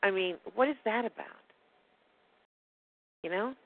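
In a tinny, dry phone recording, a guest tells a personal story with rambling indignation during a casual call. The voice is mid-range and the pace measured.

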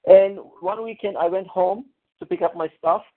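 A man's voice: high voice, steady tone. Man on a tinny phone call. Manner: halting, restarting and searching for words. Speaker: coaching client. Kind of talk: casual conversation on a coaching call. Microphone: call audio. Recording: narrow phone-line call audio.

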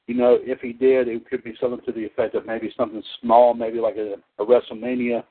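Easygoing male show host, middle pitch, tinny phone-line sound. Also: level tone, fast, husky. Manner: chatty, repetitive, laughs easily. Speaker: podcast host. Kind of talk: casual chat show hosting.

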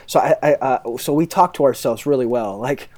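A man, a pastor, answering interview questions in an earnest, halting way, often quoting his own prayers. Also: medium pitch, a little mellow.

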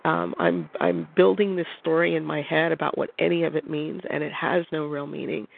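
Guy on a phone call, gravelly voice, thinking out loud, lots of ums. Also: fairly high pitch, fairly even intonation, a little fast. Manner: reflective, hesitant, many restarts and fillers. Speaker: caller. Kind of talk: personal storytelling on a call. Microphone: phone line. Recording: phone-line audio.

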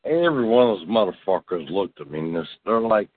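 A man's voice: on the low side, very animated, brisk, no echo. A man rambling through a profane comedic monologue, drawling and tacking "man" onto his lines. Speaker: podcast host. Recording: tinny phone-like sound.

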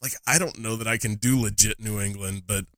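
A man's voice: lowish voice, steady tone, a little fast, a bit bright, dry recording. A middle-aged man in casual podcast chat, laughing often and stumbling through restarts. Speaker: podcast guest and former co-host.

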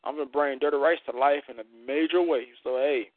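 A man's voice: on the high side, fairly even intonation, a little fast, no echo. A man with a Southern US accent hosting a poetry show, introducing poets in an upbeat hype-man patter. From American South. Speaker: host. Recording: tinny phone-like line, dry.

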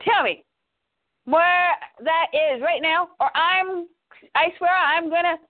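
A woman voicing a defensive, hot-headed young superhero man who pleads and shouts. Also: very high-pitched, slow, pitched above the performer's own voice. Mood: angry. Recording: tinny phone-like line.

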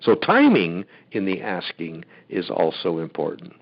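A man's voice: sits low, huge pitch swings, a little slow. Guy hosting a call-in show, chatty and folksy, kinda muffled lo-fi sound. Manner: folksy, rambling, encouraging. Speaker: host. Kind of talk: casual call-in chat.

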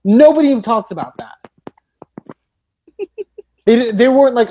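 A man's voice: very high voice, animated, normal speed, dark tone. A man co-hosting a podcast, recapping with sarcastic, profane remarks in casual chat. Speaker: podcast co-host.

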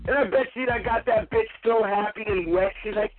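A man's voice: high voice, measured pace. Ranting man on a tinny line. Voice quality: heavy swearing, combative. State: drinking. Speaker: live stream radio host. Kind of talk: profane angry rant. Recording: tinny phone-like line, faint music.

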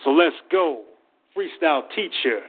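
A man's voice: on the high side, lively intonation, a little slow, husky. A man hosting an online radio show, announcing the lineup in an upbeat way. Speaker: host. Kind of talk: radio host introducing artists. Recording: tinny phone-line audio.

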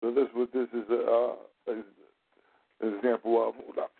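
A man's voice: medium pitch, little pitch movement, normal speed, vocal fry, husky. A man in casual storytelling chat, with a loose, profane, laughing manner. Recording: tinny phone-like audio.

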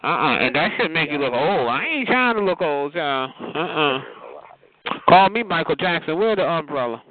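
A man's voice: on the high side, animated, normal speed. A man hosting a call-in show with flamboyant, sassy banter, calling everyone child and honey. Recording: tinny noisy phone line.

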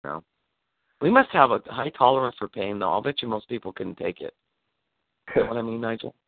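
A man on a call, telling a story in casual chat, animated and swearing, acting out the lines he quotes. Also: mid-range voice, fairly quick, creaky, dry recording. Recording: tinny phone line.

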